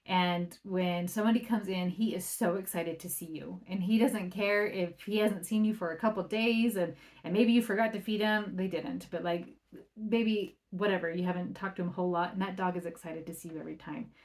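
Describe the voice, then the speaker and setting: A woman's voice: on the low side, steady tone, brisk. A woman parenting coach talking on her solo podcast in a conversational way, often checking in with "right?". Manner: acts out quoted remarks in a livelier or softer voice.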